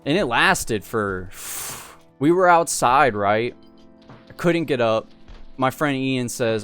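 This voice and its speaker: A man's voice: medium pitch, animated, measured pace, a bit bright, smooth, faint music behind. Slangy, laid-back young man telling a story. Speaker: storyteller host. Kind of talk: casual storytelling.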